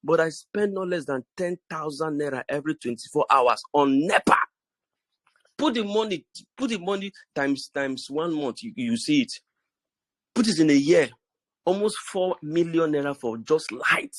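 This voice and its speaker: A man's voice: fairly high pitch, lively intonation, normal speed, a bit bright, no echo. A middle-aged man with a Nigerian accent, giving a preachy motivational talk to his business group with many restarts and repeated phrases. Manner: preachy and repetitive, stammers and restarts.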